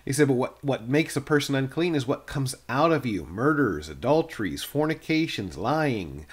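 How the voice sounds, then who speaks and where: A man's voice: mid-range voice, animated, moderate pace, slightly rough. A middle-aged male pastor giving a plain-spoken, earnest devotional sermon, often restarting his phrases.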